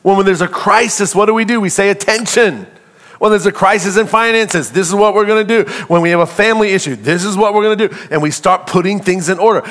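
A middle-aged man preaching a sermon, calling out to the congregation and acting out little scenes in a loose, conversational way. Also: high-pitched. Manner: call-and-response preaching, animated and conversational. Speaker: pastor.

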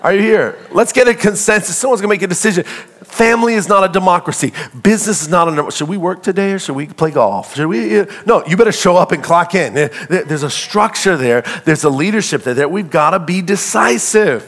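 A man's voice: high voice, fairly quick. A middle-aged man preaching a sermon, calling out to the congregation and acting out little scenes in a loose, conversational way. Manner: call-and-response preaching, animated and conversational. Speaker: pastor.

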